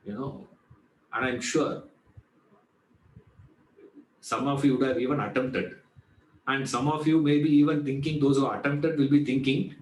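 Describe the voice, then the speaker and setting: A man's voice: medium pitch, steady tone, moderate pace, long pauses. Echoey man teaching a class. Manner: conversational, repeats "you know", asks rhetorical questions and answers them. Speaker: Vedanta teacher. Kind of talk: spoken class lecture.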